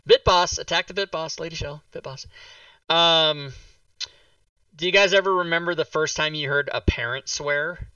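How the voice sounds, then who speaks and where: Host, male: bright, animated storyteller, dry dull mic a little off. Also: a little high, moderate pace, smooth, no room sound, recorded from a distance. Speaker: talk show host. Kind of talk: casual livestream chat.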